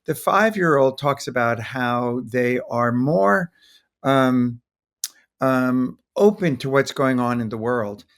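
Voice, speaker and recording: An older man, a pediatrician appearing as a podcast guest, speaks thoughtfully and slowly in an animated, medium-pitched, fairly bright voice. During the interview he sometimes acts out the soothing talk he'd use to calm a toddler.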